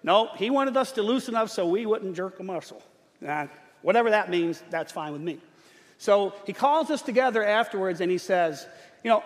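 A middle-aged man preaching a sermon, telling a humorous story in an animated way. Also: sits high, normal speed. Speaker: pastor. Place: church sanctuary. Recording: long church hall reverb.

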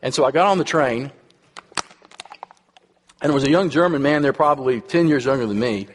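A middle-aged Texan man preaches at an even, ordinary pitch, telling his story casually and checking in with listeners as he goes. His voice rings out with a long reverb trailing after each phrase, as in a big hall. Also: fairly quick, slight background noise. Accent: Texas. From Texas. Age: 50s. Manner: conversational storytelling, frequent "right?" and "uh" asides. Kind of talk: sermon.

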